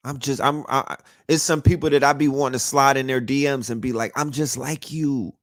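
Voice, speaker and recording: A male podcast host delivers a loose, emphatic monologue rant, swearing and restarting his sentences often. His medium-pitched voice holds a steady tone at a quick pace, recorded in a dry, studio-quality setting.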